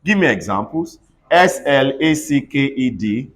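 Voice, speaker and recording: A man's voice: mid-range voice, animated, a little slow, slight background noise. Man teaching pronunciation drills. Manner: spells words letter by letter and has the class repeat them. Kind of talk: classroom lesson with call-and-response drills. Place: classroom.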